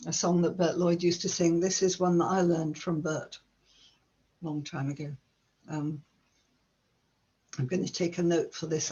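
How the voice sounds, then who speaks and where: Croaky woman on a dull video call. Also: lowish voice, a little mellow. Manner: apologetic about a croaky voice, then sings a slow ballad. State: slightly croaky. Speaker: folk club singer. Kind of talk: casual chat and unaccompanied folk singing. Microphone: computer mic on a video call.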